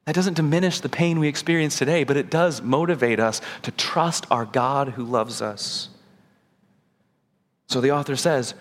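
A man preaching a sermon as pastor, earnest, moving between urgent emphasis and quiet, soft passages. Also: normal speed. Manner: earnest, swings between high urgent and low soft delivery. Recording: long hall reverb.

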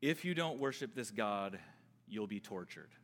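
A male pastor preaching a sermon, swinging between loud emphatic bursts and quiet asides, often repeating words as he builds a point. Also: on the low side, lively intonation, moderate pace. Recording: long reverb from a large hall.

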